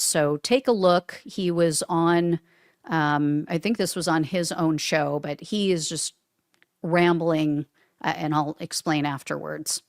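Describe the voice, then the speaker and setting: A woman's voice: deep voice, dry recording, clean studio sound. A woman hosting a political commentary show, talking casually and sarcastically, often laughing at her own remarks.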